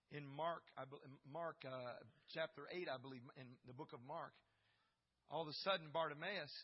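A man with a high, husky voice delivers a sermon that swells from quiet musing into fervent, loud preaching. He calls out to the congregation as he goes. The recording sounds dull and lo-fi.

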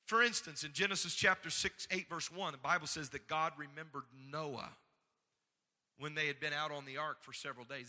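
A man preaching a sermon to a congregation, building to loud, fervent exhortation and calling for amens. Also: on the high side, long reverb tail. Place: church sanctuary.

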